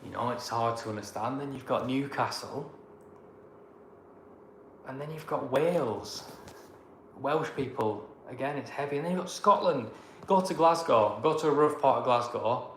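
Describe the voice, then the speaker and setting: A man with a Lancashire accent reads viewer comments aloud and rambles through his answers in an easygoing way. His voice sits at a middling pitch. The room echoes around him, with a faint noise underneath. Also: moderate pace, pauses often, a bit bright. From Blackburn, England. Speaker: travel vlogger reading viewer comments. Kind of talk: casual live-chat Q&A.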